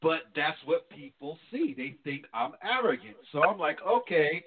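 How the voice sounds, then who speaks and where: A man from New Jersey talks frankly and thoughtfully as a pastor on a call-in style show. His voice sits a little high for a man, and it comes through thin and narrow like a phone call. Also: moderate pace, slightly rough. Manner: candid, reflective, animated when quoting his wife. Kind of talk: casual talk show conversation. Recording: tinny phone line.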